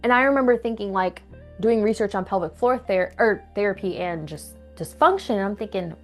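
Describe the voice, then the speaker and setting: A young woman telling a personal story to camera in a candid, animated way, acting out what people said. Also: mid-range voice, brisk, soft background music. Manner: candid, animated retelling with acted quotes. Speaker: vlogger.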